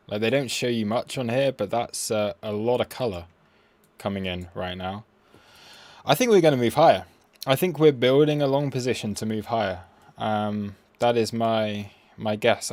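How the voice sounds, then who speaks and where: A man's voice: lowish voice, a little mellow, no room sound. A man, chatting playfully on a live trading stream and talking at the price chart.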